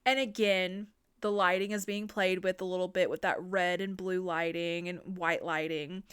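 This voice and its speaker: A woman podcast host giving a casual, animated, profane recap of a horror movie. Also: fairly low pitch, moderate pace, clean tone.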